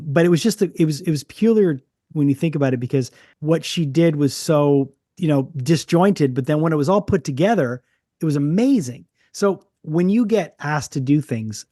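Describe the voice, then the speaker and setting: A man's voice: fairly high pitch, moderate pace, dark tone, no echo, studio quality. A man from Canada hosting a podcast interview, telling stories in a rambling way and often restarting his sentences. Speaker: podcast host. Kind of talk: casual interview chat.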